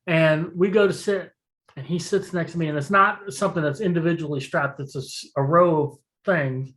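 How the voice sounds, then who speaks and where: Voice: mid-range voice, normal speed, low-quality recording. A podcast co-host chatting casually, telling stories with lots of laughter and swearing. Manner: animated storyteller, profane, laughs while telling. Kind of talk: casual chat.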